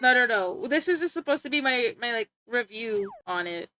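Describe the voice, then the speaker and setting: High bright giggly young woman streamer. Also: expressive, moderate pace, soft background music. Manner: giggly, easily sidetracked, talks to chat and friends. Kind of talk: casual rambling stream chat.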